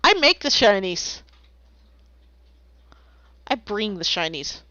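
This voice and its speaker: Lively playful woman streamer. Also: medium pitch, slow pace, dry recording. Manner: playful, rambling, makes silly sounds. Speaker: streamer drawing commissions. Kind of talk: casual stream chat. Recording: slightly dull lo-fi, dry.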